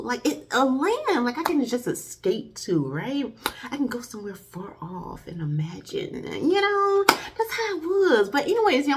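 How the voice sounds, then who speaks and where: A woman's voice: mid-range voice, slight background noise. A woman chatting casually as she reviews a movie for her channel, talking to her viewers as "y'all". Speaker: faith-based movie reviewer. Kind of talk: casual video review chat.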